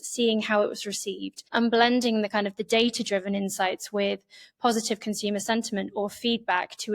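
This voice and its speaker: A woman answering interview questions in a measured way, explaining her points in long, flowing lists. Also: medium pitch, gravelly. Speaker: interview guest.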